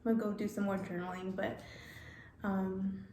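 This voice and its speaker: A woman telling a personal story in a vlog, halting and repeating words, getting emotional. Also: medium pitch, level tone, mellow, reverberant, a little hiss or hum. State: emotional, near tears. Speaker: vlogger.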